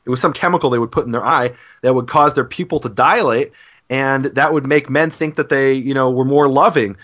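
A man's voice: mid-range voice, fairly quick, fairly bright tone. Earnest man explaining scripture, lo-fi sound. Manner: earnest explaining, frequent restarts. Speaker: Bible scholar co-host. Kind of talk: conversational teaching on scripture. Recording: dull lo-fi podcast audio.

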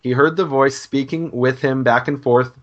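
A man's voice: medium pitch, steady tone, moderate pace, highs cut off. A man co-hosting a casual scripture chat, explaining Hebrew grammar in a teacherly way. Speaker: Hebrew scholar co-host.

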